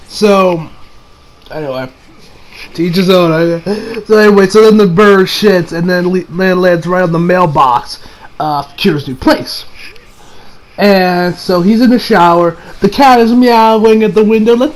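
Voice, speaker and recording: A man's voice: high-pitched, unhurried, low-quality recording. A man giving a casual recap of an anime episode. He rambles and keeps correcting himself. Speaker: anime reviewer.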